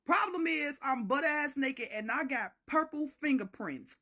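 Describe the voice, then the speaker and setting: A woman from the Chicago area telling a dramatic story in a casual storytime vlog, animated and swearing freely. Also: high-pitched, measured pace. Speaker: storyteller vlogger.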